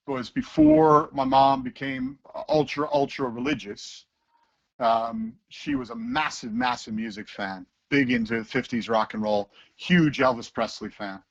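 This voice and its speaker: A man's voice: mid-range voice, gravelly, highs cut off. A man, a teacher talking casually in an interview and acting out voices as he tells stories. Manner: animated storyteller who acts out voices.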